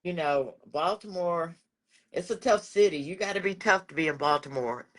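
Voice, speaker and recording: Man, interviewer, higher-pitched, warm praise, supportive. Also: moderate pace.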